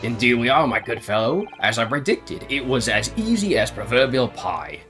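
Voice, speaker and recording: A man voicing a pompous, eccentric gentleman detective in a game, with flowery, self-assured speech. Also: medium pitch, sing-song, normal speed, over music, natural voice. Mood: grandiose. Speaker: game streamer reading dialogue.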